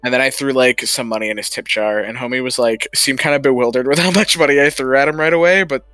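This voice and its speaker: A man chats casually to his stream, rambling from one thought to the next and swearing without a second thought. His voice is bright and forward, recorded close and dry. Soft music plays underneath. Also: mid-range voice, steady tone, fast talker, dry recording. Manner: rambling, chatty, swears freely. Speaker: livestreamer. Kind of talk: casual chat.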